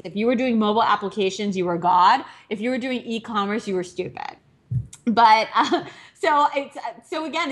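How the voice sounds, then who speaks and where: A woman in her thirties from Minnesota, telling her startup story as a speaker in a candid, conversational way, with self-deprecating humor and many fillers. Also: medium pitch. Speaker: entrepreneur speaker. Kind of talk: personal story talk. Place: live virtual speaker broadcast.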